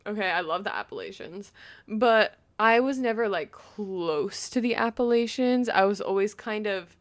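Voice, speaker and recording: A woman's voice: medium pitch, normal speed. A young woman from Long Island with a slight lisp, chatting casually and rambling while playing a game. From New York, Long Island. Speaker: gaming vlogger. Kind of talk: casual chat while gaming.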